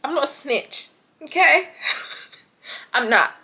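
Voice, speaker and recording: A young British woman vlogger tells a story in a relaxed, animated way, laughing often and doing the voices of the people involved. Her voice is high-pitched and her pace slow.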